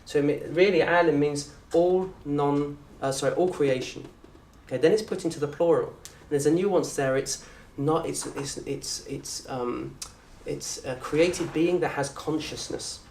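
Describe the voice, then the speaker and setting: A man with a southern English accent teaching an Arabic course in a lecture room. He talks in a lively way, quizzes the audience and acts out little scenes. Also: a little high, unhurried, hardly any pauses, a little hiss or hum. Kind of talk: lecture to an open day audience. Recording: roomy echo from a distant mic.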